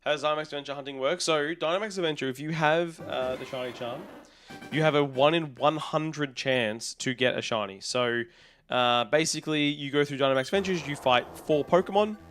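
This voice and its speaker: A man's voice: a little high, fairly quick, fairly bright tone, soft background music. A young Australian man chatting casually on a live stream, rambling and a bit tired, with some yawning. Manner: rambling, chatty, talks to chat while resetting a game.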